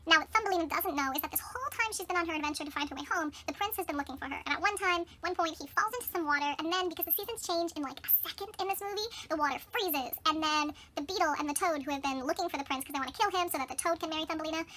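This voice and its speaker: A woman's voice: very high voice, rapid-fire, hardly any pauses, pushed and bright, a little hiss or hum. A young woman vlogger casually retelling a film plot in a breezy, chatty way, acting out the characters.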